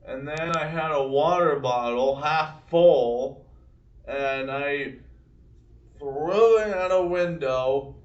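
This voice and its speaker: A young man telling rambling personal stories in a halting way, with many restarts. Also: on the high side. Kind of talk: casual storytelling to camera. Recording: distant mic in an echoey room, dull sound.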